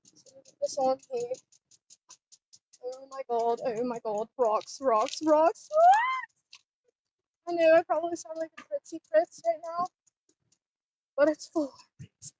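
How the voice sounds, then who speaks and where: A young-sounding woman with a high voice vlogs from a bike outdoors. She is jittery and keeps blurting out exclamations. The audio is muffled and lo-fi, picked up by a phone tied to the bike. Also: lively intonation, a little slow, vocal fry, long pauses, a little mellow. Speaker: cosplay vlogger. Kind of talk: casual vlog while riding a bike. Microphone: phone strapped to the bike.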